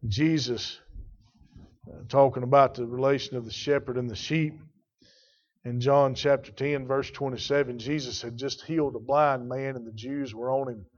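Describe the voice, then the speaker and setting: A man preaching a Baptist sermon, telling stories in a folksy way that drops to a hush and rises to a shout. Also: fairly even intonation, moderate pace. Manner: folksy storytelling, swinging from hushed to booming. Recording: dull lo-fi recording.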